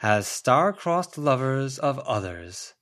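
A man's voice: mid-range voice, big pitch swings, fairly bright tone, voice pushed up. A man voicing a whimsical, romantic young man in an audiobook reading, drawing out his words dramatically. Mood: wistful slow. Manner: slow, lingering, dramatic delivery.

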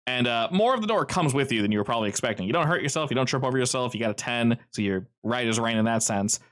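A man's voice: mid-range voice, animated, fast talker, a bit bright. A man running a tabletop game as game master, narrating in a rambling, easygoing way full of fillers.

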